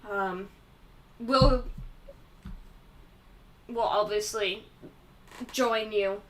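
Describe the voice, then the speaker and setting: A woman voicing a polite male adventurer leader in a tabletop game, speaking in a courteous, measured way. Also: medium pitch, a little hiss or hum, low-quality recording.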